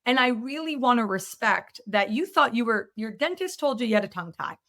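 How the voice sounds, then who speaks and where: Woman host telling a lively story, plays out all the back and forth, voice a bit high. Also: brisk. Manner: animated, acts out quoted dialogue in her stories. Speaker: podcast host and myofunctional therapist. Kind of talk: conversational storytelling.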